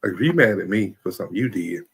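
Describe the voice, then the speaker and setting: A man with a gravelly, fry-edged voice riffs through a casual comedic monologue. His pitch sits a little low, and he keeps looping back with "you feel me" as he talks to his stream audience. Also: animated, fast talker. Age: adult. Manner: rambling, repeats "you know what I'm saying". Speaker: streamer host.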